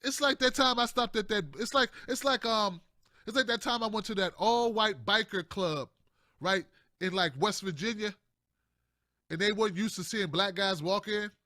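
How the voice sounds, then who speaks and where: A man's voice: high voice, moderate pace, pushed and bright, no room sound, studio quality. A man hosting casual political commentary, talking in a slangy, repetitive, chatty way with frequent laughs.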